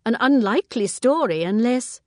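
A mild old spinster detective, read by a woman in an audiobook, asking polite, searching questions. The voice rises and falls in a lively lilt. The recording is close and dry. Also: on the high side, normal speed, dry recording, pitched above the performer's own voice, natural voice. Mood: mild, probing. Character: gentle elderly spinster sleuth, inquisitive. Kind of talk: audiobook character reading.

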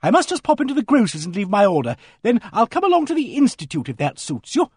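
A man voicing a hearty, brisk village woman who booms out her words. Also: wildly swooping pitch, a little mellow, slightly rough, dry recording, clean studio sound, exaggerated voice.

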